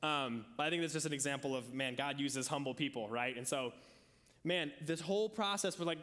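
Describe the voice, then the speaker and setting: A man's voice: fairly high pitch, normal speed, a bit bright, long reverb tail. A man preaching a sermon in a casual storytelling way, acting out the voices of people he quotes. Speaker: pastor.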